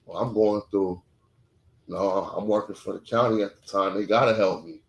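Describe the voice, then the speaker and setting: Male podcast co-host, low register, candid and profane, clipped emotional storytelling, roomy echo. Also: moderate pace, vocal fry. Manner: blunt, profane and emotional, short clipped sentences. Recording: echoey room.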